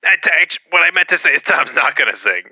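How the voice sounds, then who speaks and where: A man's voice: fairly high pitch, very animated, fast talker, pushed and bright, no echo, pitched above the performer's own voice, full character voice. A man putting on a ditzy female pop diva who rambles and loses her thread on a phone call. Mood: chatty. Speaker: prank caller.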